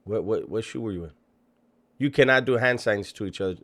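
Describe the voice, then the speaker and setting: A man's voice: on the low side, a little fast, a bit bright. A man commenting on a video clip he is playing, mocking and incredulous, swearing freely. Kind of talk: reaction commentary.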